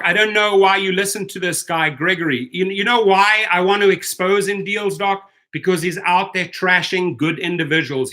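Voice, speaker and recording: A man's voice: sits high, bright, forceful tone. A man hosting a rideshare channel, ranting heatedly on a livestream, with stammered restarts. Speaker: host of a rideshare driver channel. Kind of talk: livestream commentary reading chat.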